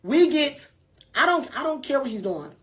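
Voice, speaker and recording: A woman telling a personal story in casual talk, animated and irritated, acting out other people as she goes. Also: high voice, normal speed, crowd noise.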